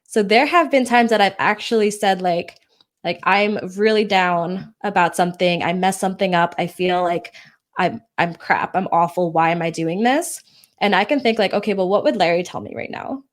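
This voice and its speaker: Young woman podcast cohost, mid-pitched, candid and encouraging, teases her partner a bit. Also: moderate pace. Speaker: podcast co-host. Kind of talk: casual podcast chat.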